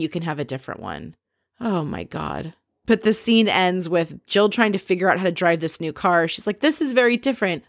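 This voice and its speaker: Opinionated woman podcast host, slightly low voice. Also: dry recording, studio quality. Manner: candid, opinionated, swears for emphasis. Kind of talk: recapping a reality show episode.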